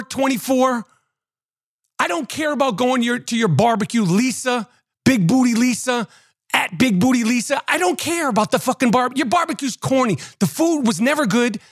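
A man's voice: very high-pitched, moderate pace, no room sound, studio quality. A man ranting in a casual, profane, mocking way as a podcast host. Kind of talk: casual rant.

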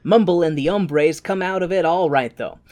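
A woman's voice: on the low side, normal speed, a little mellow. A woman co-hosting a podcast, giving a casual, joking movie recap with playful swearing. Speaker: podcast co-host.

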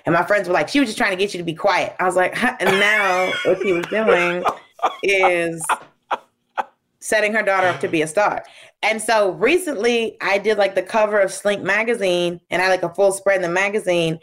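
A woman comedian talking casually as a guest and telling stories, acting out family members in quick, shifting voices. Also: medium pitch, fairly even intonation, a bit bright, slight background noise. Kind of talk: casual interview storytelling.

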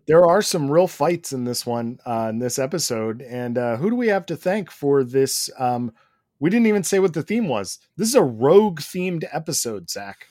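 A man's voice: mid-range voice, very animated, normal speed, a little mellow, no room sound. A man co-hosting a podcast in casual chat, answering with wry, dry short quips. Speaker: podcast co-host.

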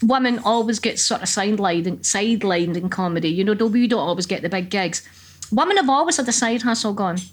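A middle-aged woman with a Scottish accent, a comedian telling lively, profane anecdotes in casual conversation. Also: mid-range voice, fairly quick. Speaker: comedian guest. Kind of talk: casual chat.

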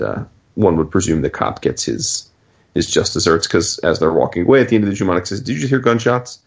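A man's voice: low-pitched, highs cut off. A man casually recapping a comic book on a podcast, rambling with lots of fillers and swearing, acting out the characters' lines. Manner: rambling, profane, acts out quoted dialogue, frequent fillers. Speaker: podcast host.

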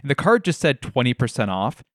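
A man's voice: mid-range voice, big pitch swings, brisk, no room sound, studio quality. A young man hosting a casual solo podcast from his living room, telling stories in a wry, self-deprecating way. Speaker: podcast host.

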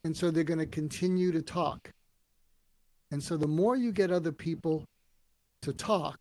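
Animated storytelling man, dry sound. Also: a little high, no echo. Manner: animated storyteller acting out quotes. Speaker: guest, author and speaker. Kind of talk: storytelling interview answers.

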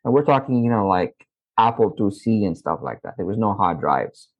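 A middle-aged man from Saudi Arabia, a podcast guest telling stories from his youth in an animated way. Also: fairly low pitch, moderate pace. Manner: animated, acts out his own past dialogue. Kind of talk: interview storytelling. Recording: slightly muffled audio.

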